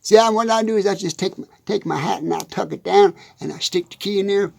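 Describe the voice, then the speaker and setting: A man with a husky, slightly breathy voice and a drawl, joking his way through a loose country comedy ramble. He laughs through his sentences and trips over words. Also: sits high, fast, a little mellow. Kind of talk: rambling comic monologue. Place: hot dusty shed.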